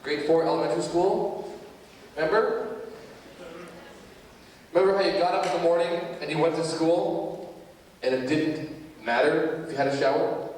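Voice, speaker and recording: A man's voice: on the high side, normal speed, pauses often. A man gives a speech at a school assembly, telling stories animatedly and talking straight to the students. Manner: animated storytelling that addresses the crowd directly. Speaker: motivational speaker at a school assembly. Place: large school gymnasium. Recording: very echoey gym from far off.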